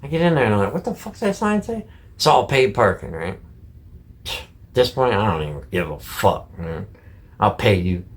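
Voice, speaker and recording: A middle-aged truck driver from Michigan, ranting casually to camera in blunt, heavily profane speech full of folksy slang. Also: male voice, on the low side, lively intonation, moderate pace, pauses often. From Michigan, USA.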